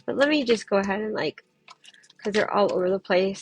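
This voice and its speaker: Woman tarot reader on a home livestream: loose, chatty, middle-pitched, quick to laugh. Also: noisy background. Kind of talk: casual livestream chat.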